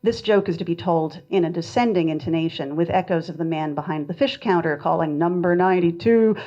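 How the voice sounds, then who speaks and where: A woman poet reads her work aloud at a literary festival, taking the verse at a measured pace. Between poems she turns chatty and self-deprecating. Her voice sits a touch low, and the recording sounds a little dull and muffled. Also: warm tone. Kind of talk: poetry reading with asides.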